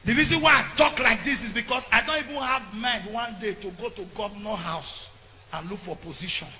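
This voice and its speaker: A Nigerian priest preaching a fiery sermon, shouting in bursts and slipping into Pidgin. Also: male voice, sits high, brisk, slight background noise. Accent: Nigerian, mixing in Pidgin. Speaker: Catholic priest. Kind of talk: impassioned sermon.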